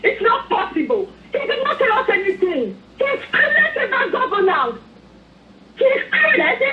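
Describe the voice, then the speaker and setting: High-pitched Nigerian woman on phone. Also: sing-song, unhurried, a little hiss or hum. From Edo State, Nigeria. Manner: angry, pleading, repetitive. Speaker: phone-in caller. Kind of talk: impassioned political commentary. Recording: echoey tinny phone line.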